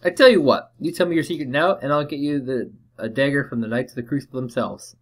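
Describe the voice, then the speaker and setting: A man's voice: mid-range voice, quick pace, natural voice. A man reading the lines of a wry adult adventurer while playing a game, close to his own voice.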